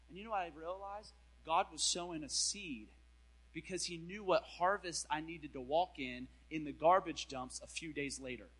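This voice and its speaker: An animated male preacher telling a story from the pulpit. His voice sits a little high and has a bright, tense edge. He talks in casual slang and swings between loud bursts and quiet asides. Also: moderate pace, poor audio. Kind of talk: storytelling sermon.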